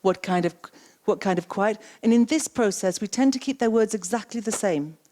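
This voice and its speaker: A coaching trainer delivers an interactive keynote from a conference stage, repeating what the audience says and following up with quick questions. She speaks at a medium pitch in a lively, conversational way.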